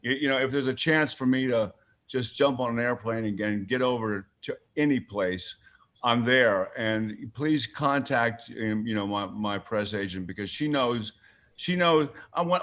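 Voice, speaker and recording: A man's voice: mid-range voice, normal speed. An older man, a guest on a radio show, chatting casually and telling stories with plenty of animation and repeated starts. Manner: animated storyteller, acts out quotes in a raised voice. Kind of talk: casual interview chat.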